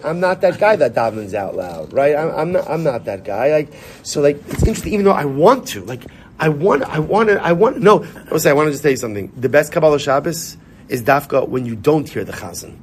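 Animated man teaching in shul. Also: on the high side, a little fast, slight background noise. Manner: animated, repetitive, mixes Hebrew and Yiddish terms. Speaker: rabbi. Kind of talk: informal Torah class.

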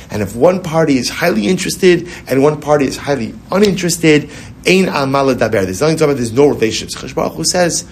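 Male Torah teacher, chatty and repetitive, rhetorical questions, Hebrew terms woven into English, faint hiss behind. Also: a little high. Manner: conversational, repeats phrases, asks rhetorical questions. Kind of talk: Torah class.

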